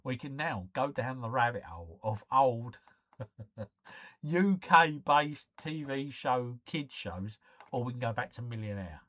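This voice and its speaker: Husky man chatting on a stream. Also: mid-range voice, animated, a little slow, a bit bright, no echo. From United Kingdom. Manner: chatty, matey, reads and answers chat comments. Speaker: live stream host. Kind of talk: casual live-stream chat. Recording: dull lo-fi stream mic.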